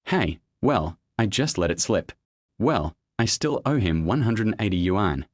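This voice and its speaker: A man's voice: on the low side, expressive, unhurried, no echo. A man doing a cheeky, sly young guy. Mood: sheepish. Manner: sheepish, teasing delivery.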